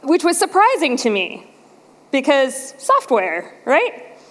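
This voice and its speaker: A woman speaks to a conference audience on a fairly high voice, telling her story with animation and jumping up in pitch when she acts out other people. Her voice carries a long, ringing reverb from a large hall. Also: wildly swooping pitch, slow, fairly bright tone.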